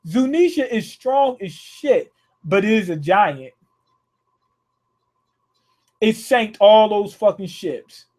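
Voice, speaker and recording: A man hosting a live manga reaction, reading panels aloud with restarts and cursing excitedly at what happens. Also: high voice, slow, pauses often. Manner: profane, excitable, rereads lines aloud with many restarts.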